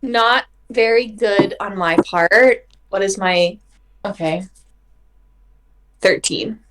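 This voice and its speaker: A woman player in a tabletop game, animated and bubbly. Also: mid-range voice, slow, low-quality recording.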